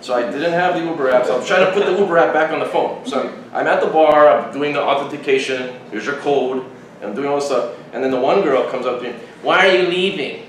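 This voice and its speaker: A man's voice: medium pitch, quick pace. A man hosting a podcast, telling a long story in rambling casual chat with frequent restarts. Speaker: podcast host. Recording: very echoey room, distant mic, faint noise.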